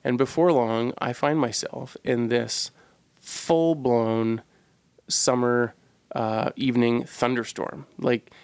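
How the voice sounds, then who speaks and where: A man recounts a personal story in a relaxed, earnest way, pausing to search for the right words. His mid-range voice carries a gravelly fry. The sound is dry and close, with no room echo. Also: medium pitch. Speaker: podcast co-host telling a personal story. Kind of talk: casual storytelling.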